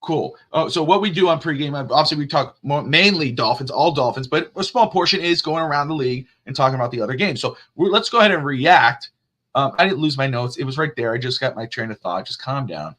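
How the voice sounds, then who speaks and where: Lively, bright-voiced male sports host. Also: fairly high pitch. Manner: rambling, jokey, quick to laugh. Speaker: podcast host. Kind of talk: casual sports talk show.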